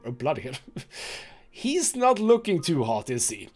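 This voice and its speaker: Brief: let's play host, male, reads game text, chatty and animated, gravelly voice. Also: high-pitched, moderate pace, soft background music. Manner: chatty asides with laughs between read passages. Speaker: gaming channel host.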